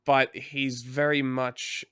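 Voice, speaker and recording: A man's voice: medium pitch, little pitch movement, takes it slowly, fairly bright tone, smooth, no room sound, clean studio sound. A man co-hosting a livestream in casual chat, blunt and dismissive, laughing often. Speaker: livestream co-host.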